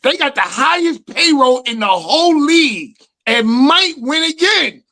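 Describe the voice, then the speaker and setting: A high-pitched man with a New York accent, bantering on a sports podcast. His tone is bright and cutting, and his talk is loose, profane and full of jokes and rap quotes. He sounds like a regular host. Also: expressive, measured pace. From Brooklyn, New York.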